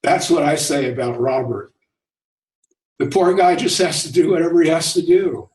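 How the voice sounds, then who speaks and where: A man hosting an online discussion, telling stories in a relaxed way and chuckling often. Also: on the high side, normal speed. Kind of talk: casual spiritual talk. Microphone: video call. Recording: echoey room, distant from mic.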